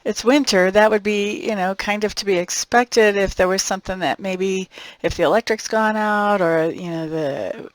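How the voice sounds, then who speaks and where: A woman's voice: mid-range voice, moderate pace, dry recording, poor audio. Chatty woman reading tarot, dry sound. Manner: chatty and conversational, laughs often; thinks aloud with fillers and restarts. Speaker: tarot reader. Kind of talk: monthly tarot forecast, casual chat.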